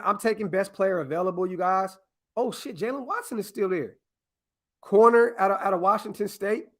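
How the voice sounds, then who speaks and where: Chatting loosely on a live stream, the male host goes through a mock draft and talks straight to viewers, full of excitement and profanity. His voice sits high.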